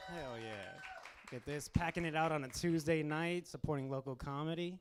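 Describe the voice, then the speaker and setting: A young man hosting a stand-up comedy show in a small club, talking casually with deadpan asides and acting out customers. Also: on the high side, normal speed, background noise.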